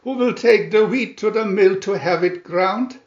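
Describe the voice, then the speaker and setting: A man voicing a fussy, hardworking little hen who clucks high and insistent. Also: measured pace. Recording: roomy, dull lo-fi home recording.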